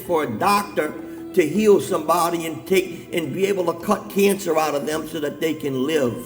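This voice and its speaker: Middle-aged male preacher, higher voice, soft music under a long hall echo. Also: normal speed. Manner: builds from calm talk to shouted, near-sung preaching. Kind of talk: sermon. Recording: long hall reverb, faint music behind.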